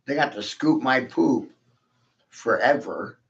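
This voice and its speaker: A man's voice: medium pitch, expressive, slow pace, vocal fry, a bit bright. Crude, mocking man in an echoey room. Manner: crude, profane, mocking, rambling. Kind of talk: rambling monologue. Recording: echoey room, dull lo-fi sound.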